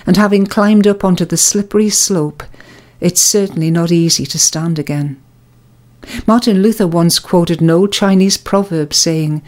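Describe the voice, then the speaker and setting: Calm, slow-spoken woman telling a moral story. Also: on the low side. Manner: calm, measured, reflective. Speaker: devotional presenter. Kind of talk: scripted spiritual reflection and storytelling.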